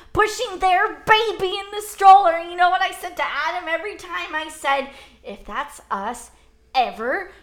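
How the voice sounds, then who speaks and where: A woman with a high, bright voice talks in casual podcast chat. She is blunt and animated, jumping in with strong opinions and pressing her point. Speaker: podcast co-host.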